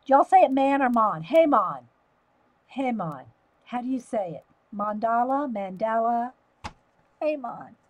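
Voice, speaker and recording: A woman with a Southern US accent, chatting on a livestream, her voice sitting a little high for a woman. She talks easily to her viewers and laughs often while she sketches. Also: moderate pace, poor audio. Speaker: livestream host. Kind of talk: casual live-stream chat while drawing.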